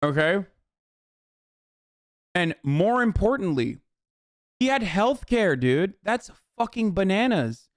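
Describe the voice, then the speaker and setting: Angry streamer man, profane rant, high-pitched, dry close mic, shouting in disbelief. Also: big pitch swings, slow, pauses often, no echo. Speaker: streamer reacting to a video.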